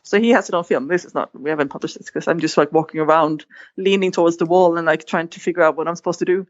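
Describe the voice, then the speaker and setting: A woman's voice: on the low side, fairly even intonation, fast talker, no echo. A woman guest in an interview, telling a story with animation and acting out quoted lines. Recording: dull, dry sound.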